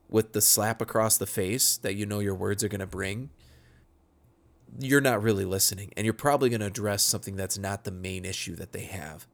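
A man with a fairly low voice talks through advice on a podcast. His delivery is earnest and practical, like a casual chat with colleagues. He sounds like he is in his thirties, speaking into a studio mic. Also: a little fast, vocal fry. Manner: earnest, practical, acts out short sample dialogues. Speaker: podcast co-host advising church workers. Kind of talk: casual instructional podcast talk.

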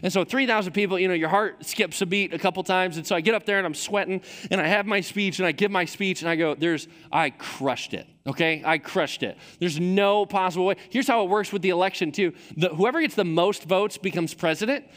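Man from Michigan, pastor preaching, fairly high voice, humorous storytelling, long church-hall reverb. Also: fast, few pauses, a bit bright. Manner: storytelling, self-deprecating humor. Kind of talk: sermon. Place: large church auditorium.

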